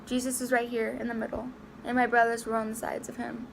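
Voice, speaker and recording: A young woman vlogging a personal story to camera, halting and emotional, close to tears, with many fillers and restarts. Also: on the high side, level tone, gravelly, slight background noise.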